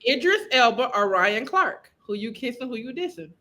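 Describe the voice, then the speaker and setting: A playful woman hosting a comedy podcast. Her voice is high and bright, swinging widely in pitch, and her talk is slangy and full of cackling laughs. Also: animated, moderate pace. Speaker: podcast host. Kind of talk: casual comedy podcast chat.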